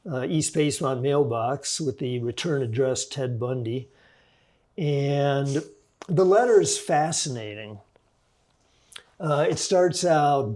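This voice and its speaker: A man in his sixties who writes books and works as a forensic psychologist recounts a story on a podcast, thoughtful and deliberate, with frequent restarts. His voice sits at medium pitch and is a little mellow.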